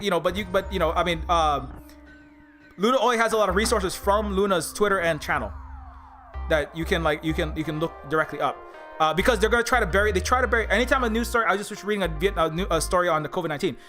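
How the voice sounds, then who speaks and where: A man's voice: high-pitched, quick pace, sharp tone, soft background music. A man streaming live and ranting in a heated, profane way, repeating his points with many fillers. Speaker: streamer and indie game developer. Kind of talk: livestream rant.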